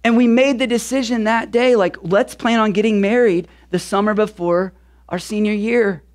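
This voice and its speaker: A pastor in his thirties preaching a sermon through a relaxed personal story, talking conversationally with casual fillers. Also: high-pitched, normal speed.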